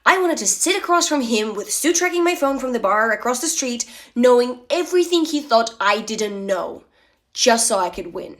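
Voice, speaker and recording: A woman's voice: fairly high pitch, lively intonation, normal speed. A young woman telling a personal story in a casual, candid, confessional way, with lots of filler words. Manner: candid, confessional, chatty with many "like"s.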